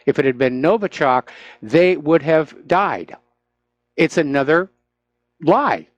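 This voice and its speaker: A man's voice: fairly high pitch, expressive, slow pace, no echo, dull audio. A man hosting a talk radio show, giving opinionated, sarcastic commentary with frequent "uh" fillers into a studio microphone.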